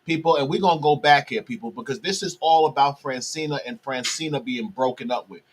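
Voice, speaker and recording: A man's voice: medium pitch, a little fast. A man delivering a heated ranting monologue straight to his viewers, repeatedly calling out to them. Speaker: vlogger.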